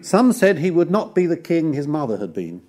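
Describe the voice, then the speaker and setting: A man giving a formal history lecture, measured and wry, listing details one by one. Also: on the high side, very animated, darkish tone.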